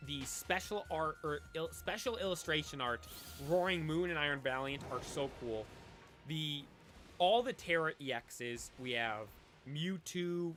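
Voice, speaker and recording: Guy streaming and rambling to chat, kinda high voice, bright. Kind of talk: casual live-stream chat. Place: cold room at home.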